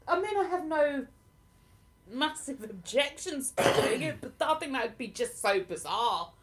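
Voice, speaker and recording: A woman from southern England with a southern English accent tinged with Lincolnshire, a livestream host chatting casually with viewers, self-deprecating and laughing often. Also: high voice. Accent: southern English, partly Lincolnshire. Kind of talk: casual live chat answering viewer comments.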